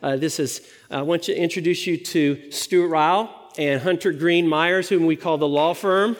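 A man's voice: on the high side, normal speed, in a large hall, noisy background. A man from the United States preaching a sermon, telling a story and acting out the voices in it. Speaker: pastor.

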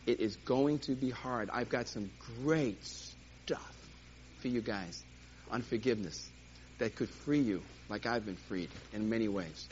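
Lively guy teaching a church class, acts stuff out, dull recording with faint hiss. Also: medium pitch, unhurried. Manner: animated, jokey, acts out little scenes.

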